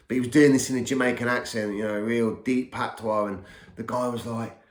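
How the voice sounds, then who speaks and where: Man, podcast host, rambling storyteller, lowish voice, echoey room. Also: steady tone, fairly quick. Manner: rambling, repeats words while recalling events. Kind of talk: personal storytelling. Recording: roomy echo.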